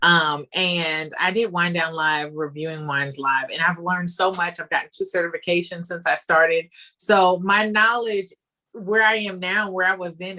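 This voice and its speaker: A woman answering interview questions in a chatty, animated way, with frequent fillers along the way. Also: lowish voice. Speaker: guest, wine business founder.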